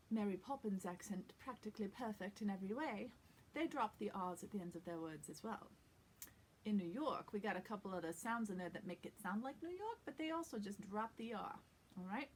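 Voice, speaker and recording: A friendly Midwestern woman runs a casual accent lesson for a theater cast, demonstrating each sound as she goes. Her voice sits at an ordinary middle pitch. Faint background noise runs under the recording. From American Midwest. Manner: upbeat, chatty, demonstrates sounds by example.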